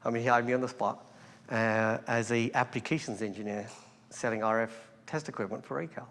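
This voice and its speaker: Guest from England, middle-pitched, loose storyteller, reverberant hall sound. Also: male voice, brisk. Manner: relaxed storytelling, laughs often, many fillers. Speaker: guest entrepreneur. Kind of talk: conversational interview. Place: hall before a live crowd.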